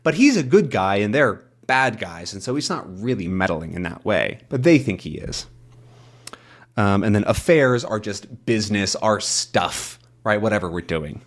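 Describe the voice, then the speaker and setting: A man teaching English by reading a comic aloud, explaining words in a chatty, animated way. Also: fairly low pitch, moderate pace. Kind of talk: comic read-along lesson.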